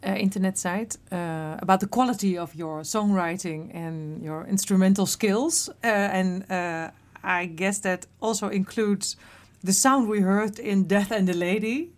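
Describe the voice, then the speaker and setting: A woman whose first language is Dutch, hosting an interview in English, asking questions in a measured, friendly way. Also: medium pitch. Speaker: radio host.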